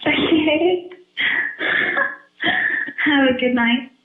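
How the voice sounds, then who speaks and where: A woman chats and giggles her way through a relaxed phone call, flirtatious and talkative. Her voice sits a bit high. The sound is thin and phone-like, with a hollow echo around it. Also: very slow. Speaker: caller on a recorded phone call. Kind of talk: casual phone chat. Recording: tinny echoey phone recording.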